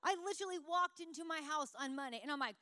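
A woman preaching a sermon, telling lively self-mocking stories and then turning soft and earnest. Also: sits high, quick pace, dry recording, studio quality. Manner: animated, self-mocking storyteller.

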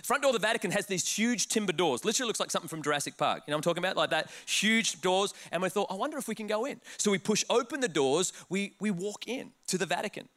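An Australian pastor preaching with a lively, high-pitched voice, jumping up and down in tone. He laughs through his anecdote and acts out the people in it before turning to his message. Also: quick pace, hardly any pauses. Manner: animated, laughing, restarts words, acts out quotes. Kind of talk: sermon with storytelling.

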